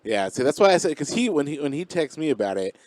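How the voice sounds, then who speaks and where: A man's voice: a little high, big pitch swings, a little mellow, no room sound. Laid-back podcast co-host man. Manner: laid-back, quick to laugh and prompt. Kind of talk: casual podcast chat.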